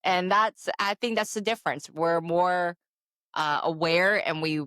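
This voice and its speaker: Low, dry-miked woman in her forties, candid storytelling co-host. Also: measured pace, smooth, no echo. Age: 40s. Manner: open, animated storytelling with frequent "I'm like" asides. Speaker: podcast co-host. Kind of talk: candid casual chat.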